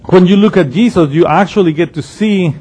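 A man leads a Bible study, explaining the text in an easy conversational manner. He thinks aloud and restarts his sentences now and then. His voice is a bit higher than most men's. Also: a little fast, warm tone, husky. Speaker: Bible teacher. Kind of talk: expository Bible teaching.

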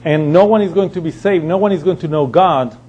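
A man's voice: on the high side, fairly quick, darkish tone, muffled recording, a little hiss or hum. A man teaching through a Bible passage verse by verse, reading scripture aloud and explaining it with frequent restarts.

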